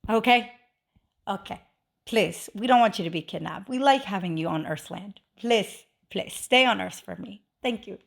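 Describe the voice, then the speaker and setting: A woman's voice: mid-range voice, lively intonation, moderate pace, gravelly. A woman hosting a casual instructional vlog, chatty, with lots of fillers and emphatic repeated warnings. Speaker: witchcraft video host.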